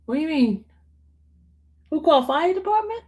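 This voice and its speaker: A woman's voice: sits high, very animated, normal speed, darkish tone. A woman hosting a casual livestream, reading viewer comments aloud and chatting with her dog. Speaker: livestream host answering viewer questions. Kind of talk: casual live chat with viewers.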